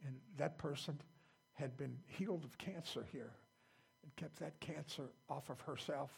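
Older gravelly-voiced pastor, plain-spoken. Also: male voice, on the high side, measured pace. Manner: plain-spoken, folksy, repeats himself. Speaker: pastor and church founder. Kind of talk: informal sermon. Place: church.

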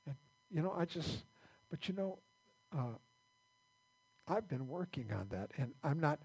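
A male pastor giving a conversational sermon in a church, halting and repeating words as he restarts his sentences. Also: a little high, lively intonation, creaky, a little mellow, husky.

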